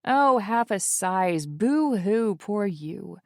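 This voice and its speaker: A woman's voice: mid-range voice, expressive, slow pace, a little mellow, no echo. A woman voicing a blunt, teasing young woman with a dry, sarcastic manner.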